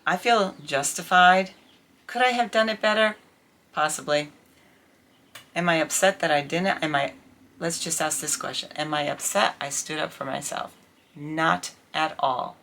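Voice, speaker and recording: A middle-aged woman talking candidly to camera in a casual vlog, telling an indignant, animated story about her life. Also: deep voice, measured pace, creaky. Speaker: vlogger.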